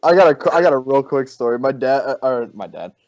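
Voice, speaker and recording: A man's voice: mid-range voice, animated, quick pace, a little mellow, no room sound. A young man telling a story casually among friends, laid-back and hesitant. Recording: dry, slightly dull close-mic sound.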